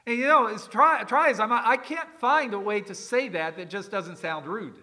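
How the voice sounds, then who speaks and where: A man's voice: sits high, moderate pace, bright, forceful tone. A man preaching a sermon, explaining words in a conversational way with folksy asides. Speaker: pastor.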